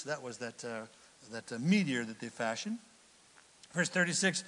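A man preaching a sermon as pastor, folksy and animated, with sudden loud bursts. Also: medium pitch, moderate pace, long pauses, in a large hall.

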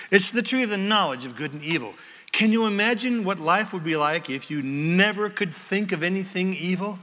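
Animated bright-voiced male preacher. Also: sits high, fairly quick. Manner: animated, acts out voices, asks the crowd questions. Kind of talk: sermon. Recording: long hall reverb.

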